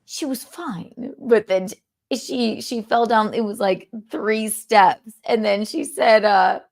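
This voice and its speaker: A woman's voice: fairly high pitch, slow, vocal fry. A woman hosting a podcast, telling stories in a chatty, jokey way. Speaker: podcast host. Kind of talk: casual chat.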